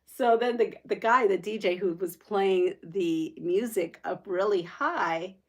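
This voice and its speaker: A middle-aged woman hosting a livestream, telling a story in casual chat, laughing often and animated. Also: medium pitch, unhurried. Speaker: livestream host.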